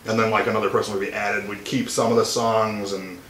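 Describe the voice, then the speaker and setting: A man's voice: on the low side, fairly quick. Young man telling a story with chuckles. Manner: animated anecdote-telling, chuckling. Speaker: guest, band musician. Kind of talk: casual storytelling in an interview. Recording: echoey room, faint noise.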